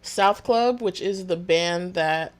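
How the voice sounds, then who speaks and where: Woman podcast co-host, fairly low voice, matter-of-fact, casual chat. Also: takes it slowly. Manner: matter-of-fact, listing items plainly.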